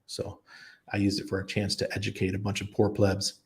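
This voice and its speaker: A middle-aged man hosting a livestream, answering viewer questions with blunt, animated opinions and stories. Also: lowish voice, brisk. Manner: animated storytelling, blunt and emphatic. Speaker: crypto channel host.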